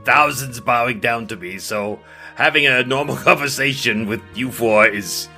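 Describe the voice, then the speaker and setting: A man's voice: medium pitch, moderate pace, vocal fry, pushed and bright, faint music behind. A man playing a pompous, boastful male mage king who stammers when flustered, in an improvised tabletop game. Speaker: game master. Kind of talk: improvised tabletop role-play.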